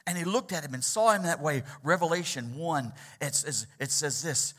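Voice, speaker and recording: A man preaching a sermon as pastor, asking the congregation for responses and swinging between loud, urgent lines and hushed ones. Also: fairly high pitch, expressive, normal speed.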